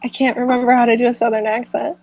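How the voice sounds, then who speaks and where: A woman's voice: fairly high pitch, little pitch movement, quick pace, a little mellow, rough recording. A woman running a tabletop game as dungeon master over voice chat, giggly and easygoing.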